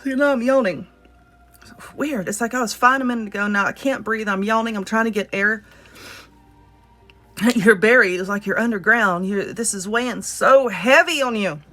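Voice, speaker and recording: A woman's voice: a little high, moderate pace, sharp tone, faint music behind. A woman with a Southern US accent giving a casual spoken card reading, talking earnestly and directly to the viewer. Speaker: tarot reader.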